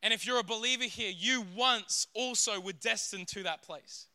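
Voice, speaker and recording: Male preacher, high bright voice, smooth, animated storytelling delivery, dry sound. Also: no echo. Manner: animated, acts out scenes in character voices. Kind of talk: sermon.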